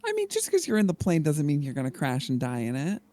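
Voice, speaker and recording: A woman co-hosting a casual podcast, expressive and quick to laugh. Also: low-pitched. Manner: expressive, laughs often, playfully disgusted. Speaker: podcast co-host.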